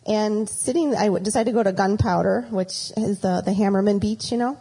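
A middle-aged woman recounts a personal story in a loose, chatty talk that turns toward faith. Her voice is mellow and slightly husky, and she keeps drifting into little acted quotes of the people she met. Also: mid-range voice, brisk, low-quality recording. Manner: rambling, chatty, often slips into acted quotes.

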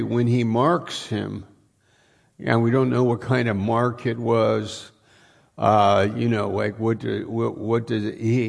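A man's voice: mid-range voice, vocal fry, darkish tone. A man preaching a sermon in a conversational way, full of restarts and rhetorical questions.

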